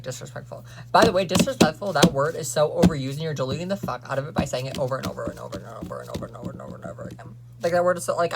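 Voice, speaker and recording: A man's voice: on the high side, vocal fry, a little hiss or hum. A young man venting to camera in a sassy, profane, ranting way, as a vlogger. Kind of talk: casual rant to camera.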